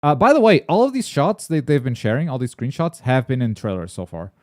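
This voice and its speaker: A man hosting a gaming and anime news stream in casual chat. He rambles excitably, with plenty of filler words and blunt swearing. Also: mid-range voice, a little fast, no room sound, clean studio sound.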